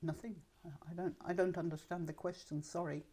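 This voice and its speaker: A woman's voice: on the low side, level tone, brisk, dark tone, husky. An older woman being interviewed, reminiscing in a chatty, thoughtful way and speaking her mind. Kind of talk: reminiscing oral-history interview.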